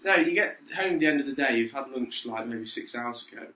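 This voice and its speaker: A man chatting on a comedy podcast, giggly and quick with interjections. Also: medium pitch, lively intonation, bright, forceful tone. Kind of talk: casual comedic chat. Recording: echoey room with faint background noise.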